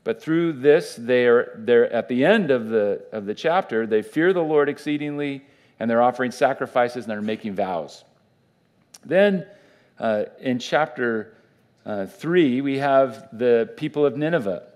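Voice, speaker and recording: A man's voice: medium pitch, lively intonation, a little slow, darkish tone. A man, a pastor, giving a conversational Bible teaching in church, with fillers and restarts.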